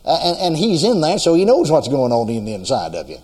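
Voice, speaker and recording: Man, preacher, slightly high and animated voice, fervent and repetitive, long reverb of a big hall. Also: fairly quick, breathy edge. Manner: fervent, exclaims praises between sentences; repeats phrases for emphasis. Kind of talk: sermon.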